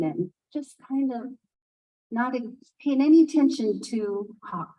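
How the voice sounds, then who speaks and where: A woman tells a traditional tale in an unhurried, expressive way, pausing for asides to her listeners. Her voice sits a little high. She is picked up from a distance off the microphone. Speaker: storyteller speaking at a conference. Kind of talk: oral storytelling of a folk tale.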